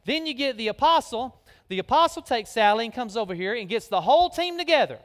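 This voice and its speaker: A man preaches a sermon, folksy and animated, directing volunteers on the stage. His voice sits high for a man. The sound carries the long reverb of a large church hall. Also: fast. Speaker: guest preacher. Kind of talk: sermon with live skit.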